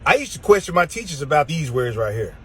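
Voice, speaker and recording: A comedian delivers an exasperated rant to camera in a husky, slightly raspy voice with a loose drawl. His somewhat high pitch swings widely and sing-song as he drags out words for emphasis, talking quickly on a rough recording.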